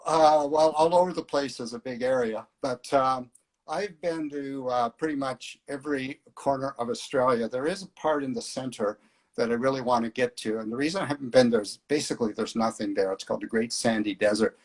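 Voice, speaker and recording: A man's voice: medium pitch, fairly quick. A middle-aged man organizing flying tours, chatting casually in an interview with many fillers. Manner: relaxed storyteller, hesitant fillers.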